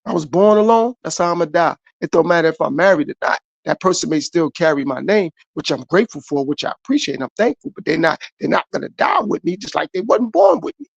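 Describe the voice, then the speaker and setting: Gravelly-voiced man preaching self-worth. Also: fairly high pitch, expressive, fast, few pauses, no room sound, muffled recording. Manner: preachy, repetitive, talks straight to viewers. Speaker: podcast host. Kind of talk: motivational monologue.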